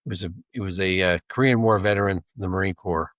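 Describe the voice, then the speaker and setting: A man's voice: low-pitched, fast talker, fairly bright tone, no room sound. A man co-hosting a podcast, talking in a rambling, casual way with asides and restarts. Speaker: podcast co-host, intelligence analyst.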